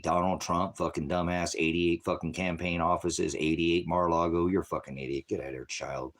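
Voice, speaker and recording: A man with a deep, husky voice delivers a profane religious rant. He talks in a combative, rambling way, swerving between shouts and mutters. His pitch swings widely as he goes. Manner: rambling, combative, swears heavily; sudden shouted bursts, drops to mutters. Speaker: independent ministry preacher.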